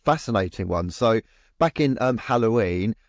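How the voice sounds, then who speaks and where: A man's voice: fairly low pitch, expressive, normal speed, dry recording. A man, co-host and medium, telling a story in a rambling way with many restarts and repeated words. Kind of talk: casual storytelling in a podcast chat.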